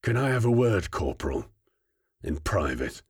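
A man voicing a gruff, menacing older army sergeant who speaks in a low, soft growl. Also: big pitch swings, moderate pace, exaggerated voice.

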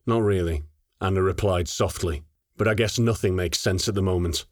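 A man's voice: low-pitched, normal speed, dry recording, clean studio sound. A man voicing a caring tough female corporal. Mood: soft. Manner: soft, earnest. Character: big tough female squad leader, caring.

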